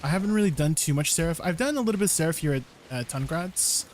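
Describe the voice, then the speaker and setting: A man's voice: a little high, lively intonation, quick pace. A young man chatting casually with his viewers on a live stream, laughing often between questions. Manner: giggly, chatting with viewers while gaming. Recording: faint background noise.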